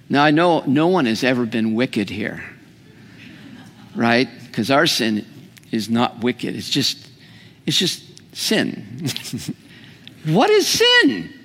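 Male preacher, slightly high voice, slow and humorous sermon delivery, reverberant hall. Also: gravelly. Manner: animated, humorous, asks the audience questions.

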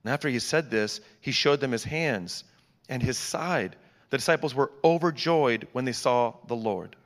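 A man reads scripture aloud to a church congregation in an earnest, dramatic way. His mid-pitched voice rings in a long hall reverb. He drops in the odd aside between verses. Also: normal speed. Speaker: scripture reader.

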